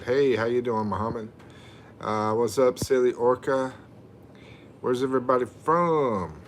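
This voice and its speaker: A middle-aged man talks loosely on a livestream, reading out viewer comments and joking back. His voice sits a little low and swings up and down a lot, and he takes his time between words. Faint room noise runs under the phone recording. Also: animated, measured pace. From USA. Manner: loose and chatty, reads viewer comments aloud and jokes. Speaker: livestream host. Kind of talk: casual livestream chat.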